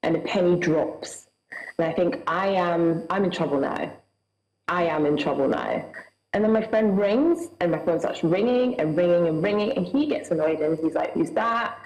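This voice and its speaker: A woman's voice: on the low side, moderate pace, darkish tone, reverberant, low-quality recording. A woman with a Scottish accent, a guest recounting a personal experience in an earnest, vivid way, acting out what people said. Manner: earnest, vivid storytelling with acted-out dialogue.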